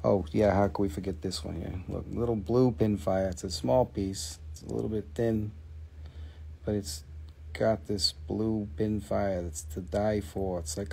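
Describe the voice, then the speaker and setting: A man's voice: on the low side, steady tone, unhurried, creaky, darkish tone, slightly rough. A man hosting a live stream, chatting casually and joking as he shows and prices stones for sale. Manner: chatty, jokey salesman talk. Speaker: host selling minerals on a live stream. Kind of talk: casual live sales chat.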